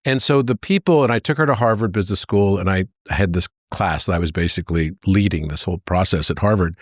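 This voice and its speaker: A man as a podcast guest, telling anecdotes in an animated way and jumping into high voices for the characters. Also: dry recording, studio quality. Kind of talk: conversational storytelling.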